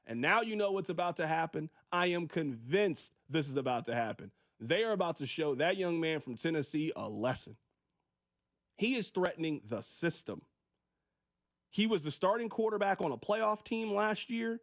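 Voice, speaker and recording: A man with a fairly high voice holds forth on a sports radio show, recorded on a studio microphone. He talks in an emphatic, preachy way, repeating his points, and now and then acts out a quick voice to make them. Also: sing-song. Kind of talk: opinionated sports radio monologue.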